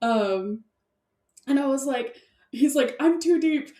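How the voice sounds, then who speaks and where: A fairly high-voiced woman co-hosting a podcast, rambling excitedly and laughing often. Her voice sits back from the mic, and the room adds a clear echo. She talks in loose, filler-heavy casual chat. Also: slow. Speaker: podcast co-host. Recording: echoey room, distant mic.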